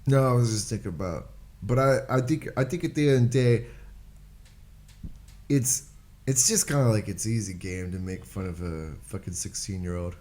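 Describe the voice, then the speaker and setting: A man with a low, mellow voice trades crude jokes with friends on a podcast. His delivery is loose and casual, often drawn out for comic effect. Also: normal speed. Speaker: podcast co-host. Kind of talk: casual banter among friends.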